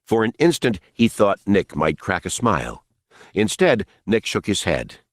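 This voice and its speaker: A man reading an unabridged novel aloud in a measured, even narration. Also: on the low side, no room sound, clean studio sound. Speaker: audiobook narrator. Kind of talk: scripted audiobook narration.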